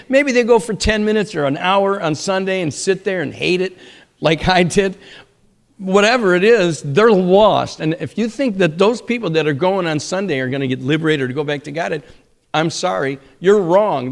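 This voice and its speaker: An older man speaks in an informal sermon, moving quickly from one anecdote to the next. His voice sits a little high for a man, and he slips into the voices of the people in his stories. It is conversational preaching rather than a formal address. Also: gravelly. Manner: animated storytelling, acts out quoted people. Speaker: speaker at a temple class.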